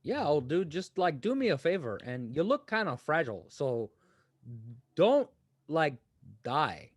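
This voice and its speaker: A man's voice: fairly high pitch, very animated, a little slow, no echo. A man playing in an improvised tabletop game, talking in a rambling, joking way full of fillers. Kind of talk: improvised tabletop role-play.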